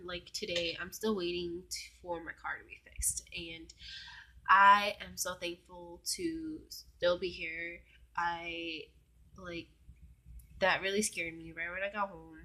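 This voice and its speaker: A young woman with a lowish, sharp-toned voice tells a personal story in a casual vlog. She's chatty and leans on lots of fillers, now and then dropping into a whisper.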